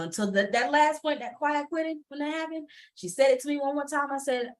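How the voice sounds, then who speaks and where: A woman's voice: high-pitched, a little fast, few pauses. Passionate woman speaking on a panel. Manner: passionate, emphatic, laughs often. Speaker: entrepreneur and coach on a panel. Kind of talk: candid panel talk. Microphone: video call.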